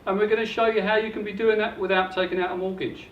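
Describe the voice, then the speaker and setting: A man's voice: sits high, flat delivery, quick pace, a little hiss or hum. An older man giving an upbeat, salesy property seminar presentation, recorded from a distance in a hotel function room. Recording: echoey dull room recording from afar.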